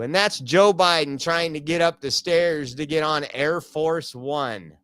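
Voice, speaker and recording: A man's voice: on the high side, a little slow, few pauses, fairly bright tone, clear, resonant tone. A man hosting a casual live stream from home, talking loosely with many fillers. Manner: rambling, many fillers, reads out jokes. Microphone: home streaming computer.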